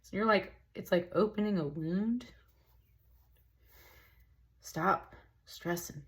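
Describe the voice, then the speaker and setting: A woman's voice: mid-range voice, moderate pace. A woman giving a casual, rambling tarot reading, emotional and a little tearful, full of "like" and "y'all". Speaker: tarot reader.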